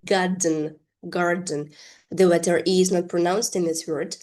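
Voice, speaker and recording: A woman teaching an English lesson, with careful, drawn-out pronunciation drills. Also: on the low side, little pitch movement, dark tone. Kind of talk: language lesson.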